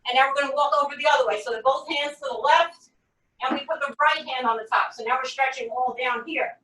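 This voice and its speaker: Fast and sharp, this woman's voice sits high as she leads a home workout, counting reps and giving energetic step-by-step cues. The distant mic picks her up in an echoey space.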